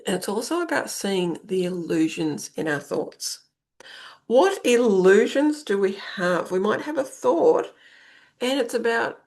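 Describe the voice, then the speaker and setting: A middle-aged woman delivers a spoken self-help monologue as a podcast host. She coaches her listeners in a conversational way, circling back and repeating phrases to drive each point home, with a voice of ordinary pitch for a woman. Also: big pitch swings, slow, a little mellow.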